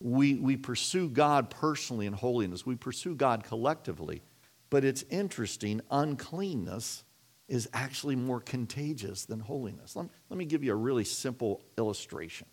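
A man's voice: mid-range voice, animated, normal speed. A middle-aged man preaching a sermon in a conversational way, often repeating and restarting his words. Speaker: pastor.

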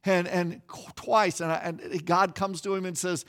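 A man preaching a sermon, telling a story in an animated way, acting out quoted voices, with frequent restarts and repeated words. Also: sits high, a little slow, few pauses. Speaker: pastor.

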